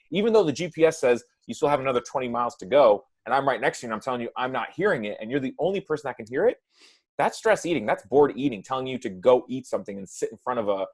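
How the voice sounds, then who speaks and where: A man who works as a nutrition coach, talking casually on a podcast and often adding "right?" and "like". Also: medium pitch. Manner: relaxed, says "right?" and "like" often.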